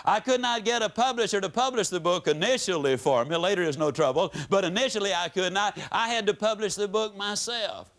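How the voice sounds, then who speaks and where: Male motivational speaker, somewhat high voice, folksy storyteller with big swoops in pitch, addressing a live crowd. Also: a little fast, hardly any pauses, fairly bright tone. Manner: folksy storytelling with sweeping rises and drops in pitch. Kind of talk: motivational speech to a live audience. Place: stage before an audience.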